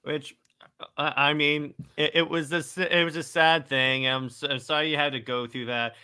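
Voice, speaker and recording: A man hosting a casual podcast chat, brisk and teasing, often stumbling into restarts. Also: a little high, fairly even intonation, pushed and bright, smooth. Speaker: host.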